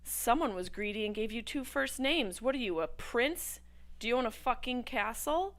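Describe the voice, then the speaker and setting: A woman hosting a casual livestream watch party, talking in a brash, profane way, jumping from topic to topic with loud bursts of excitement. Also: fairly high pitch, normal speed. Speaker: host.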